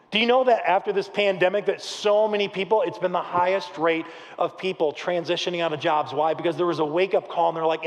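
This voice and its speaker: A man in his thirties preaching a sermon, telling stories with humor and acting out the people he quotes. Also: sits high. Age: 30s. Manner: lively storytelling, acts out quotes, jokes with the congregation. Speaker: pastor. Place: church auditorium, live service. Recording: long reverb of a large hall.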